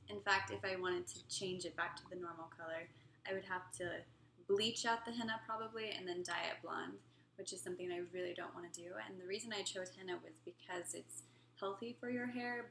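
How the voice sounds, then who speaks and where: A woman's voice: on the low side, gravelly, fairly bright tone. A young woman co-hosting a casual family vlog Q&A, giggly and sometimes dropping to a near whisper. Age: young adult. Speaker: vlog co-host. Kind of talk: casual live Q&A chat. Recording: echoey room with faint noise.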